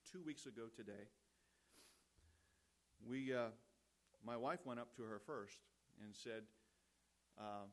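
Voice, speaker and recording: Serving as pastor at a funeral, a man delivers the eulogy slowly, with long pauses, at an everyday pitch. He tells stories in a relaxed, conversational way, adds gentle humor, and repeats key phrases for emphasis.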